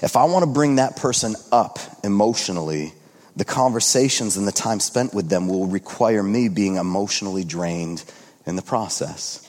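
A man in his thirties preaching a conversational sermon as a pastor, earnest, swinging between hushed and excited. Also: fairly low pitch, moderate pace, long reverb tail.

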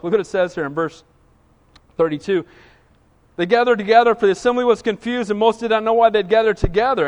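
Guy preaching a verse-by-verse sermon, high voice, lively, long echo in the sanctuary. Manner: animated, acts out quoted voices, asks congregation for agreement. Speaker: pastor. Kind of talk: expository sermon.

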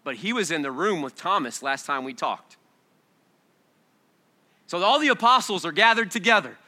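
A man preaching a sermon to his congregation, swinging between loud bursts and hushed storytelling. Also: high-pitched, expressive, moderate pace. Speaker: pastor. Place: church sanctuary before a congregation.

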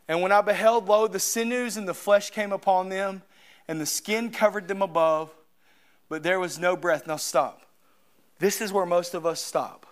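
A man preaching a sermon, reading scripture and breaking off into casual asides, rising to shouts at its peaks. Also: on the high side. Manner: preaching with sudden swings from quiet asides to shouting; reads scripture aloud, breaks off with asides and laughs. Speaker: pastor.

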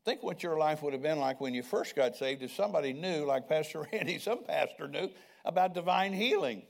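A man's voice: on the high side, lively intonation, fairly quick, vocal fry. Older man preaching a conversational sermon. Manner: preacherly, conversational, asks the congregation questions. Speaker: pastor.

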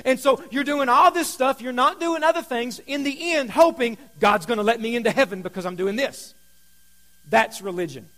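A man preaching a sermon, telling stories in a conversational way, going from loud emphasis to hushed asides. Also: very high-pitched, lively intonation, moderate pace. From Kentucky. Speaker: pastor.

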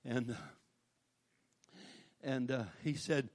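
An older man, preaching a folksy storytelling sermon that breaks into shouted praise. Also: medium pitch, expressive, takes it slowly, creaky, long pauses.

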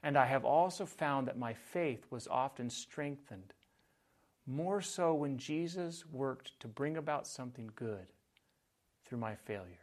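A man preaching a sermon, measured and earnest, often dropping to a soft, quiet voice on key phrases. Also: mid-range voice. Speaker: pastor.

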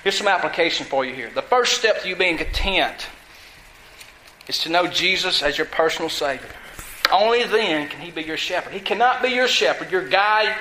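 A man's voice: a little high, expressive, moderate pace, pushed and bright, echoey room, slight background noise, low-quality recording. A male pastor preaching a sermon, asking the congregation questions and repeating lines for emphasis.

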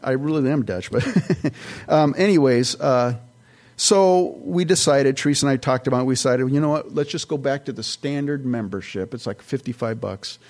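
A man's voice: mid-range voice, normal speed, a little mellow. A male pastor preaching a sermon in a loose, conversational way, often restarting sentences and going off on side notes.

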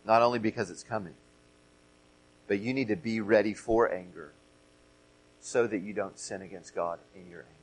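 A man's voice: fairly low pitch, moderate pace, pauses often, rough recording. A middle-aged man preaching a sermon as pastor, earnest, often repeating and stressing key phrases.

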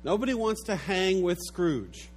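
A preacher delivers a sermon with animated storytelling and sinks low and quiet at the sad moments. His voice runs somewhat high for a man, with faint noise underneath. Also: unhurried. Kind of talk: sermon with a told joke.

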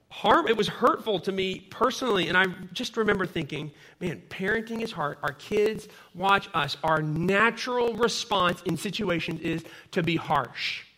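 A man's voice: high voice, animated, unhurried, pushed and bright. A man in his thirties preaching a sermon in a conversational way, telling personal stories. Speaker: pastor.

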